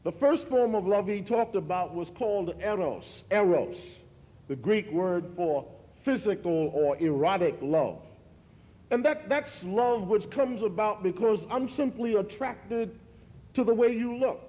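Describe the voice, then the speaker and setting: A man in his forties from New York, giving a speech in a preacher's rhythmic cadence that repeats words and climbs in pitch. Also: animated, unhurried. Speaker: speaker at a commemoration. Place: large hall. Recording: echoey hall, dull archival recording.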